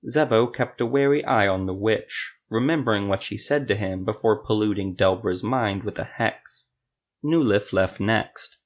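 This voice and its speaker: Low-voiced man narrating a fantasy tale. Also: muffled recording. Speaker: podcast narrator.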